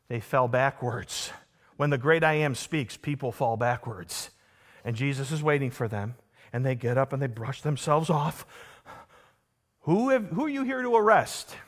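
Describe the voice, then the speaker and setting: A man preaching a sermon with a fairly high voice. He drives each point home with rhetorical questions, jumping up in pitch and volume before dropping to a low, quiet emphasis. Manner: emphatic preaching with rhetorical questions, swinging between loud and hushed. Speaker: pastor.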